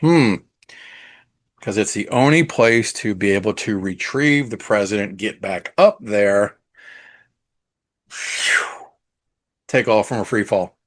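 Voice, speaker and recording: A man's voice: fairly low pitch, moderate pace, hardly any pauses. A man hosting a podcast, talking casually and enthusiastically about a movie he loves, with plenty of swearing and filler words. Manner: chatty, profane, enthusiastic, with fillers. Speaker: podcast host. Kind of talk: casual solo movie talk.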